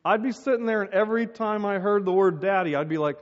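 Pastor, middle-aged man, high voice, storytelling sermon with put-on voices, muffled hall sound. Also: fast.

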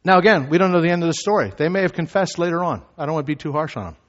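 A pastor preaching a sermon. He moves from measured teaching to loud, shouted emphasis. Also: a little high, animated. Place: church sanctuary. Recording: reverberant hall, slightly dull sound.

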